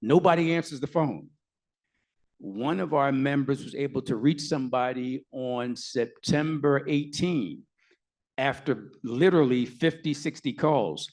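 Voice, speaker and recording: Male panelist, middle pitch, emphatic storyteller with dry asides; live event mic. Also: a little slow, a little mellow. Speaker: activist lawyer panelist. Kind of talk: panel talk Q&A answer.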